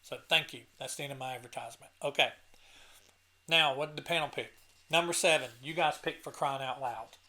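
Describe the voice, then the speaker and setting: A man's voice: mid-range voice, brisk, pushed and bright. A man hosting his own channel, talking casually and emotionally about his favorite songs, at times choked up, often restarting his sentences. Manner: enthusiastic and earnest. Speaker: channel host reviewing an album. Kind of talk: casual talk to camera.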